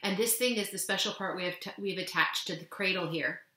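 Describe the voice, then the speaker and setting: A woman's voice: lowish voice, brisk, bright, forceful tone. A woman reading as a joking, reassuring ear doctor. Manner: friendly, reassuring, playful. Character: kind, joking adult male ear doctor. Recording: echoey room.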